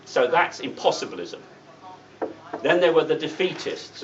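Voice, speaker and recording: A man's voice: on the high side, sing-song, moderate pace, long pauses, a bit bright. A middle-aged man giving a political speech at a meeting, blunt and anecdotal with sardonic asides. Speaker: guest speaker at a political meeting. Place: meeting room. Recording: distant mic, dull sound, faint hiss.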